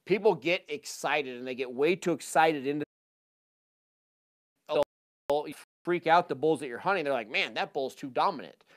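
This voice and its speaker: A man gives a live talk to an audience through a handheld microphone. His voice sits slightly higher than most men's, and he speaks loosely and eagerly, dropping in plenty of fillers. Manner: casual, energetic, full of fillers. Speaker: hunting seminar presenter.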